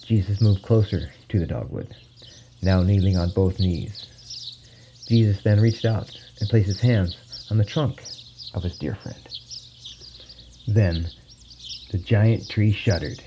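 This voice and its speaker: A man narrating a legend in a measured, solemn storytelling manner, on a dull lo-fi recording with faint birdsong behind. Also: low voice, background noise.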